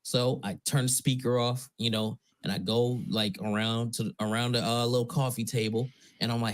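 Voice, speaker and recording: A man's voice: mid-range voice, brisk, few pauses. Laid-back man telling a story. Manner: laid-back, profane, conversational. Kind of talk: casual storytelling on stream.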